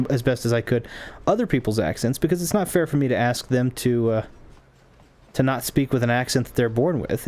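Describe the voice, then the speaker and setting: A man streaming a game and talking to his viewers in a loose, rambling way. He keeps restarting his sentences and drifting into side stories. His voice sits at an ordinary middle pitch. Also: a little mellow. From Southern United States. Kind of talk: casual chat while playing a game.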